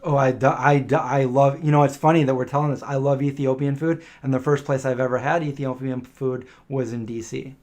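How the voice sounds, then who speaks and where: A middle-aged man chats through a live viewer Q&A. His voice sits at an ordinary, mid-range pitch, and he wanders from story to story, slipping into the voices of the people he describes. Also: little pitch movement, fairly quick, hardly any pauses, darkish tone. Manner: rambling anecdotal storytelling, acting out quoted voices. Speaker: live stream host answering viewer questions. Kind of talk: casual live Q&A chat.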